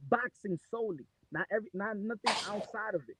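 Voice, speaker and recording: Insistent New York man, fairly high voice. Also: quick pace, pushed and bright, slightly rough, no room sound, poor audio. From New York City. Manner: insistent, talks over others, repeats words. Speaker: boxing commentator. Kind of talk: heated casual debate.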